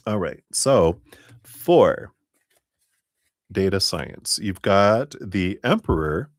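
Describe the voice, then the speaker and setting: A man doing a live-streamed tarot reading, talking gently and unhurriedly as he offers spiritual guidance. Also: low-pitched, animated, drawn-out words, no echo, clean studio sound. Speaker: tarot reader.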